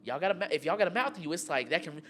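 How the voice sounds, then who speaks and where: A young man co-hosting a radio talk show, telling relationship stories in an animated, slangy way with lots of fillers. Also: fairly high pitch, racing, slight background noise. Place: radio studio.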